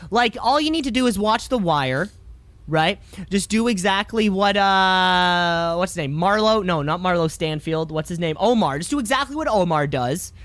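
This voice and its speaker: A man's voice: high-pitched, fairly bright tone, no room sound. A man co-hosting a podcast in casual chat, rambling and joking sarcastically. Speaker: podcast co-host.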